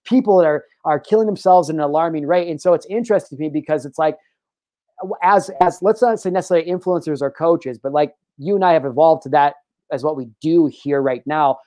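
An American man hosting a podcast interview, talking in an animated, emphatic way. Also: fairly high pitch, fairly quick, dry recording. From United States. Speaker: podcast host. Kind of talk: casual interview chat.

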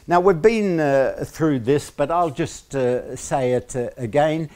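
A man with an Australian accent giving a university lecture, pausing often on fillers and slipping in joking asides. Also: fairly high pitch, a little mellow.

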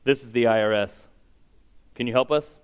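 A man voicing a formal tax agent questioning a priest by phone, in a smooth voice. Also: medium pitch, moderate pace, voice pushed down, natural voice. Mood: businesslike.

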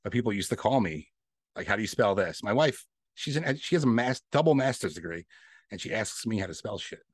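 A man's voice: on the low side, lively intonation, fairly quick, husky, no room sound, clean studio sound. A man chatting casually on a podcast, laid-back, swearing and laughing often. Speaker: podcast host.

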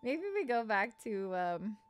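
A woman's voice: mid-range voice, expressive, a little slow, smooth. A woman streamer giving playful, chatty let's play commentary to her viewers.

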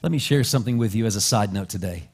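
A male pastor preaching a sermon, dropping to soft, low asides and then climbing into loud, rising exhortation. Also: expressive, fast, breathy edge. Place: church sanctuary.

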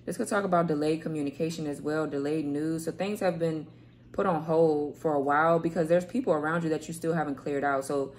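A woman's voice: low voice, fairly even intonation, a little fast, darkish tone, a little hiss or hum. A woman reading tarot cards to camera in a loose, rambling way, repeating words and swearing casually. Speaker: tarot reader. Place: home room, kids heard playing outside.

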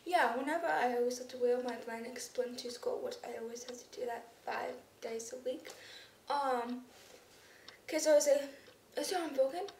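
A woman's voice: on the high side, moderate pace, vocal fry, darkish tone. A young woman vlogging casually, rambling with lots of ums and restarts, her speech slightly unclear. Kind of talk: casual vlog to camera. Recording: roomy echo, somewhat far from the mic, faint background noise.

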